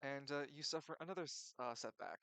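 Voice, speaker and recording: A young man narrating a tabletop game as game master, animated, swinging between loud and quiet and stumbling over his words. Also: mid-range voice, fast talker, vocal fry, clear, resonant tone, no echo, rough recording.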